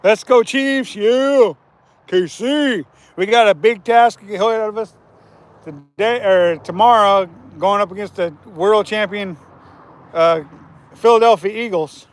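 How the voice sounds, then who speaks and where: A man's voice: sits high, slow pace. A man hosting a casual fishing livestream from outdoors by a river, chatting with viewers and laughing often.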